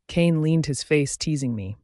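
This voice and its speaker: A man's voice: a little high, lively intonation, unhurried, darkish tone, dry recording, studio quality. Man narrating a romance audiobook. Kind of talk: first-person audiobook narration.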